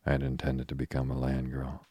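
A man's voice: rumbling low, completely flat delivery, warm tone, husky, no room sound, clean studio sound. A man reading the lines of a frank, spirited young woman who is restless and short of money, in a chatty, blunt manner. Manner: chatty and blunt, quick to exclaim.

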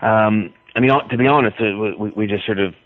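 A man being interviewed as an author, talking in a rambling, hesitant way with many pauses. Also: fairly low pitch, steady tone, no room sound. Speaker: author guest. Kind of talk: radio interview by phone. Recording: tinny phone line.

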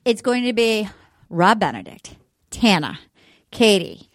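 A woman podcast host chatting excitedly in a casual, rambling way, full of quick asides. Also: medium pitch. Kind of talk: casual chat promo.

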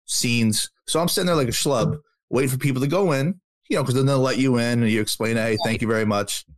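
A man in his early thirties co-hosting a talk radio show, telling a story in a quick, animated way that builds up steam. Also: medium pitch, no echo. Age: 30s. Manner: animated, quick storyteller who gets worked up.

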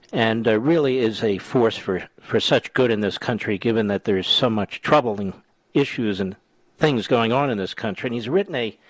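A man hosting a talk radio show, taking calls and delivering forceful, combative opinions. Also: medium pitch, dry recording.

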